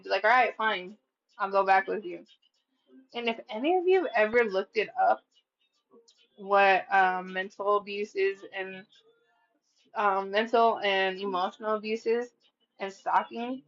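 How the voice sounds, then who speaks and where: A woman's voice: mid-range voice, a bit bright. Blunt, profane woman reading tarot cards. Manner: blunt and profane, laughing at her own card readings, acting out quotes. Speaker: tarot reader. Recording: slightly dull lo-fi sound.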